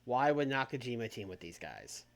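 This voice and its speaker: A man live-streaming a wrestling booking game in casual chat, thinking out loud, swearing easily and trailing off mid-sentence. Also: mid-range voice, big pitch swings, moderate pace. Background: faint background music.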